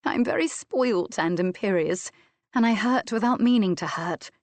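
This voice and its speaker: A woman's voice: mid-range voice, normal speed, a little mellow, dry recording, pitched above the performer's own voice, natural voice. A woman voicing Jasmine, a spirited, imperious young noblewoman who speaks with passion. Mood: ardent. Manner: imperious and impassioned.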